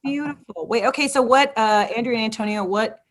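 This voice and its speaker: A woman with an American accent, a comedian hosting a casual interview, chatty and excitable. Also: on the high side, fairly quick. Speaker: comedian host.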